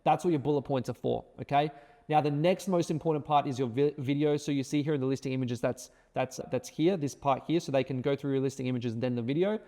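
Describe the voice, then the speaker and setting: Man, teaching tutorial, emphatic, keeps asking right and okay, warm mellow voice, long reverb. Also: mid-range voice, fast talker. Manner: emphatic, repeats words, tag questions. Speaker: course instructor. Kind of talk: screen-share tutorial.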